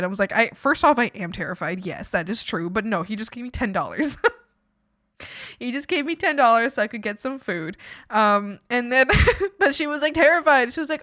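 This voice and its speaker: A woman's voice: on the high side, animated, brisk, a bit bright, no room sound, studio quality. A young woman streamer telling a rambling story in casual chat, with lots of fillers and laughter. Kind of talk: casual storytelling while drawing.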